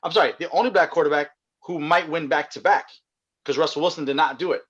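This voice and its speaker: A man's voice: on the high side, fast talker, a bit bright, husky. A man co-hosting a casual sports podcast, rambling with restarts and frequent laughs. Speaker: podcast co-host. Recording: dull lo-fi sound.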